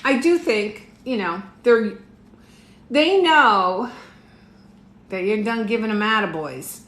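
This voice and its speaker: A woman's voice: mid-range voice, expressive, slow, a bit bright. Chatty woman reading tarot at home. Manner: chatty, laughs often, talks to her viewers. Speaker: tarot reader. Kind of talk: casual live tarot reading. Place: home room. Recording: echoey room, faint noise.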